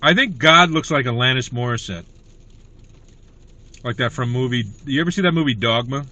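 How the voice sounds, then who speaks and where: Male comedian host, casual livestream banter, rambling, bright tone. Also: medium pitch, moderate pace, no room sound, lo-fi sound. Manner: rambling, chatty, reading viewer comments.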